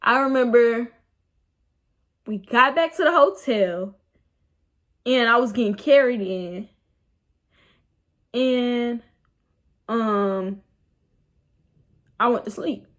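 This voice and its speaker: A young woman, casually telling a rambling, animated story about her night out. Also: on the high side, slow, long pauses. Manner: animated, rambling, laughs at herself. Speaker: vlogger.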